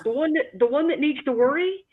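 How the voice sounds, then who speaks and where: A co-host joining a casual chat with brief, low-key interjections. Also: fairly quick. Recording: tinny phone-like line.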